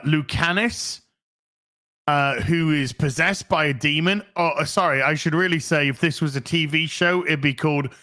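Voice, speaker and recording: This British man hosts a ranting video commentary, sounding dry and scornful with deadpan sarcasm from start to finish. His voice is fairly high and bright, and he speaks slowly.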